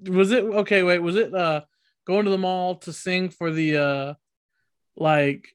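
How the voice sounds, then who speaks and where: A man's voice: high-pitched, fairly even intonation, unhurried, clear, resonant tone. Laid-back young man saying dude. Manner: laid-back slang, says bro and dude a lot. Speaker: podcast co-host. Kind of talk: casual chat.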